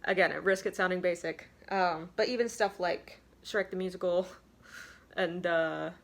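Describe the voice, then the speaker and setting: Young woman vlogging, kinda low voice, rambly, says like a lot. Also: steady tone, moderate pace, gravelly. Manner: rambling, self-deprecating, frequent "like". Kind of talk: casual confessional tips.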